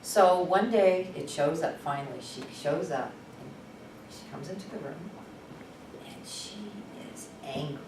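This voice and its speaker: Woman presenter, candid storyteller, lowish voice, far-off mic in a noisy room. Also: unhurried, roomy sound. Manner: animated, conversational, candid. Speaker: workshop presenter. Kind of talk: storytelling teaching talk. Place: workshop room.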